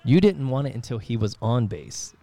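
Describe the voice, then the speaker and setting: A man's voice: mid-range voice, big pitch swings, moderate pace, warm tone, no echo. A man giving casual color commentary, teasing his partner. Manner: teasing, banter.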